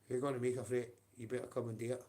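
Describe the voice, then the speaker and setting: A man's voice: mid-range voice, level tone, racing, dark tone. A man with a Scottish accent ranting on a livestream, profane and confrontational, with blunt taunts.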